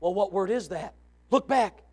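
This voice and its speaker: A man preaching a sermon, moving from quiet asides to shouted exclamations and reading scripture aloud. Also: sits high, animated, normal speed. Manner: reads scripture in old-fashioned wording. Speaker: pastor. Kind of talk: fiery sermon.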